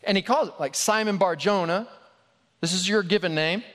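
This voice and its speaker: A man delivers a sermon in a relaxed, storytelling manner, tossing in casual asides as he goes. His voice sits a little high for a man. A long reverb hangs in the big hall around him. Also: normal speed. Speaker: preacher.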